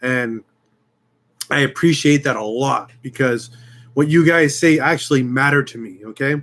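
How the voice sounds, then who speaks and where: A man's voice: mid-range voice, normal speed, a bit bright. A man hosting his own channel, talking casually and heartfelt to his viewers, getting emotional and restarting often. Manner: rambling, heartfelt, many restarts. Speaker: YouTube channel host. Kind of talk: casual live-stream chat.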